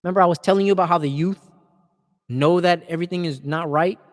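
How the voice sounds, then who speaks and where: A man preaches in an impassioned, informal style, earnest and repeating words as he builds his points. He talks fast in a high voice, with a long reverb tail behind him.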